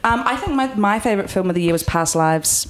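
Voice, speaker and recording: A woman co-hosting a comedy podcast in casual chat, playful and quick to riff. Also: mid-range voice, animated. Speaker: podcast co-host.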